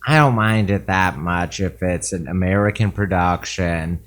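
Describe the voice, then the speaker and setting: A young man co-hosting a podcast in casual chat, dropping dry, deadpan one-liners. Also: low voice, a little slow. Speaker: podcast co-host.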